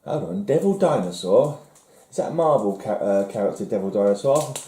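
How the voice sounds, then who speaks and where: Speaking a little fast and with plenty of animation, a man with a low, mellow voice rambles through his comic collection haul. He muses, jokes at his own expense and lets sentences trail away, all in a roomy-sounding space.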